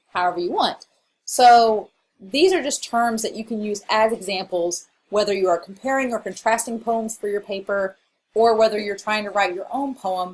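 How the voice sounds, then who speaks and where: A woman's voice: mid-range voice, low-quality recording. A woman college English instructor giving a recorded lecture over slides, explaining in a casual way with frequent fillers.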